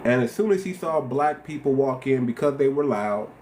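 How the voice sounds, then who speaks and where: A man's voice: mid-range voice, expressive, moderate pace, darkish tone, a little hiss or hum. A man hosting a livestream, talking passionately with lots of repetition and rhetorical questions. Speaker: host. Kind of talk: casual livestream commentary.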